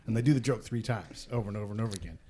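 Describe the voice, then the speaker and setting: A man co-hosting a podcast, riffing casually and quickly. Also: fairly low pitch, warm tone, slight background noise. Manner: quick, chatty riffing with "you know". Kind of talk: casual chat.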